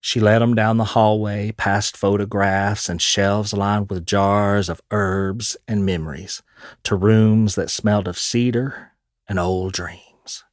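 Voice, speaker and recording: A man narrating a fantasy audio drama in a measured, storytelling way, with folksy Southern turns of phrase. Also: on the low side, fairly even intonation, no echo, clean studio sound.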